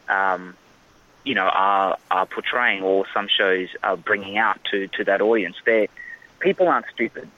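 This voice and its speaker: An Australian actor being interviewed in casual chat, rambling with frequent restarts and fillers. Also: male voice, fairly low pitch, highs cut off. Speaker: actor guest.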